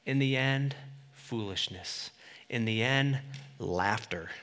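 A man preaching a sermon, swinging between loud, emphatic declarations and quiet asides. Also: mid-range voice, takes it slowly, in a large hall.

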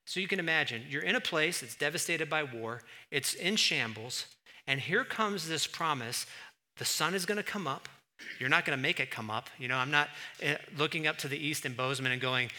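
A man preaching a sermon in an animated, emphatic way, full of rhetorical questions. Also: a little high, normal speed. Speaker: pastor.

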